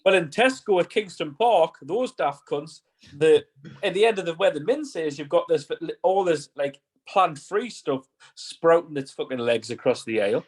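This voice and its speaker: A man's voice: on the high side, lively intonation, normal speed, breathy edge. A man, a podcast guest, telling rambling, sweary stories in casual chat.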